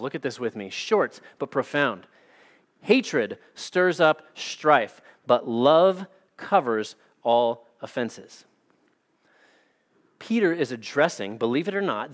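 Earnest, higher-voiced male pastor preaching. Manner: earnest, emphatic preaching with storytelling asides. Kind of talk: sermon.

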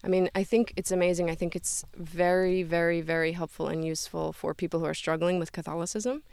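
A woman's voice: lowish voice, steady tone, fairly quick, creaky, a little mellow, dry recording. A woman speaking earnestly as an interview guest, talking freely with fillers like "like" and "right?". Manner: earnest, fluent, many fillers like 'like' and 'right?'. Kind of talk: conversational interview.

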